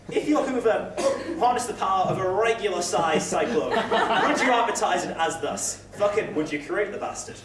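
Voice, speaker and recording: A man's voice: a little high, distant mic. A young man doing a stand-up set at an open mic night, rambling and self-deprecating with the odd swear. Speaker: stand-up comedian. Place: open mic comedy night, indoor room. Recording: echoey room recorded from afar, noisy.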